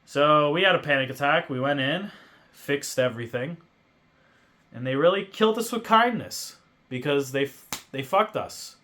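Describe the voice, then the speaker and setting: A man with a slightly high voice tells a road-trip story on his podcast, casual and profane. He drifts into mumbled asides, then flares into loud, drawn-out rants. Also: lively intonation. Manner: profane, ranting, swings between mumbled asides and loud outbursts. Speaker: podcast host.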